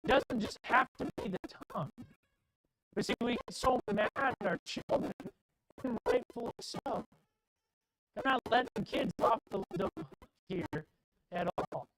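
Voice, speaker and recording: A man's voice: very high voice, a little slow, long pauses, background noise. A man preaching a sermon in a church, with an emphatic, repetitive cadence. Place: church sanctuary.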